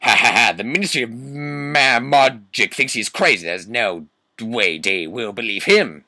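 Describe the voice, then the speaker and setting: A man's voice: mid-range voice, lively intonation, unhurried, pushed and bright, dry recording, studio quality, full character voice. A man voicing a mean male teacher who mocks others, with a put-on laugh. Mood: sneering.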